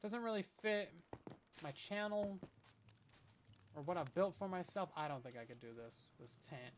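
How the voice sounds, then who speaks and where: A man's voice: sits high, animated, normal speed, slight background noise. A man giving rambling, self-deprecating commentary while playing a survival game on a stream. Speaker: Minecraft streamer. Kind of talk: casual gameplay commentary.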